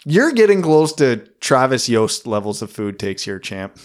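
A man from Canada co-hosting a casual sports podcast, trading quick, opinionated banter. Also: mid-range voice, big pitch swings. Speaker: podcast co-host. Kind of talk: casual chat.

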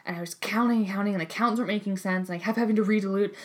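A woman's voice: medium pitch, very fast. A young woman in her twenties, a graduate student, chatting casually and animatedly, swearing freely. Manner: animated, acts out voices in quotes, swears freely. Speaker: podcast co-host, grad student. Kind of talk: casual chat.

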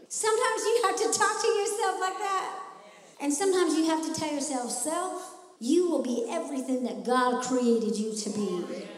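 A middle-aged woman preaching with fervor, her high voice rising and swelling on the big lines. She sounds distant from the mic, and a long reverb trails each phrase through the large hall. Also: lively intonation, normal speed. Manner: impassioned preaching, swelling louder on key lines. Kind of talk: sermon. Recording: echoey hall, voice from far off the mic.

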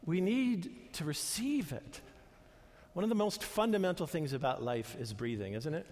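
A man's voice: a little high, animated, normal speed, a little mellow. An older man preaching a sermon in an earnest, conversational way, restarting phrases as he goes. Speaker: pastor. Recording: long reverb of a large hall.

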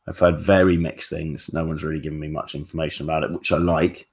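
Deep, low-pitched male coach fielding live-stream questions, frank and offhand, drops the odd swear. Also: little pitch movement, fast. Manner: casual, blunt and frank, swears freely. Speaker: dating coach.

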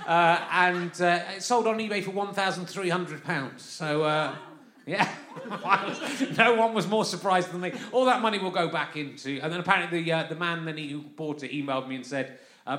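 High-pitched and sharp-toned, a podcast host from London speaks at normal speed during a live comic monologue at a festival venue. He's chatty and digressive, frequently laughing mid-sentence, and the recording has a roomy live quality.

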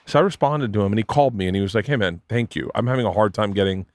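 In a casual storytelling chat, a middle-aged podcast host and comedian rambles through profane tales, animatedly voicing the quoted characters. He talks very fast at a fairly low pitch, and the recording is dry.

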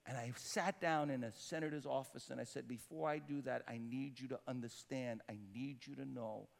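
A man preaching a sermon as pastor, emphatic and swinging between loud declarations and hushed passages. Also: medium pitch, steady tone, moderate pace, gravelly. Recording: long hall reverb.

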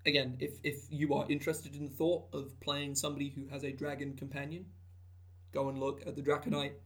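A man co-hosts a casual podcast chat about tabletop game content, rambling with lots of fillers and restarts. His medium-pitched voice is a bit bright and completely flat in delivery, running a little fast.

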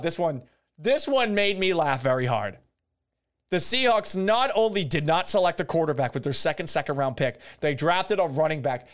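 A man hosting a solo sports podcast, sarcastic and swearing freely, often laughing at his own jokes. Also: sits high. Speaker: podcast host. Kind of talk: casual solo sports talk.

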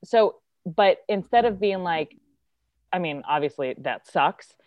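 A woman's voice: fairly low pitch, lively intonation, unhurried, dry recording, muffled recording. A woman actress, a guest telling a casual, chatty story and acting out the quotes. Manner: chatty, lots of filler likes, acts out quotes.

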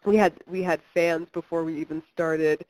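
A chatty young woman from Kentucky, giving an interview about her filmmaking. Her voice sits low, and she talks with plenty of "um"s and restarts. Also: fairly even intonation, moderate pace, darkish tone, poor audio. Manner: chatty, many fillers and restarts, laughs often. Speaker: filmmaker guest. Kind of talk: interview conversation.

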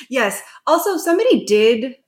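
A woman's voice: high voice, big pitch swings, a little slow. A woman co-hosting a podcast in casual chat, wry and often laughing, with frequent fillers. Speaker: podcast co-host.

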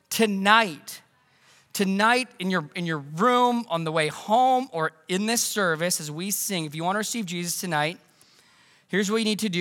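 Bright, earnest male pastor preaching. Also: high-pitched, long reverb tail. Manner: earnest, conversational, with frequent restarts. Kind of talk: sermon. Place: church sanctuary.

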